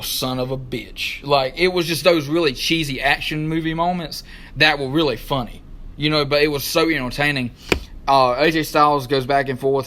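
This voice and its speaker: A man, co-hosting a wrestling talk show, who recaps matches in an excited, rambling casual way and stops to search for names. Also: medium pitch.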